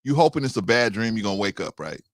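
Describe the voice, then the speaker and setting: A man's voice: on the low side, fast. A man hosting a casual talk show, reacting and asking questions. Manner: lively, questioning, reacts with short interjections. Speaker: podcast host. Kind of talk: casual chat.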